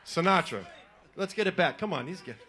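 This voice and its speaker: A man's voice: sits high, lively intonation, a little fast, bright, forceful tone. A middle-aged man fronting a band, chatting and joking with a live audience between songs on a stage mic. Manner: joking, chatty, breaks into sung examples. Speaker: singer and frontman. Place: live music venue stage.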